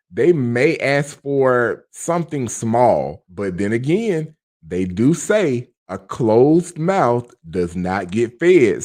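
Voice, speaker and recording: A man's voice: mid-range voice, a little mellow. A man hosting a reaction video, exclaiming at what he watches and talking straight to his viewers. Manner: exclaiming, talks to viewers directly. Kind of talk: casual reaction commentary.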